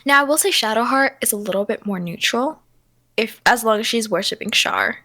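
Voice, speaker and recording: High-voiced girl in her 20s gushing on a podcast, giggly. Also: a little fast, bright, forceful tone, no echo, clean studio sound. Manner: gushing, giggly, says "like" a lot. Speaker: podcast co-host. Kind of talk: casual chat.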